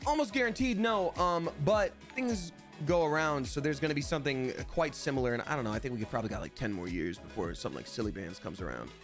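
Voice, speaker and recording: A man's voice: medium pitch, fast, a bit bright, faint music behind. A man streaming live, chatting casually in a playful, rambling way and reading viewers' names aloud. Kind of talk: casual livestream chat.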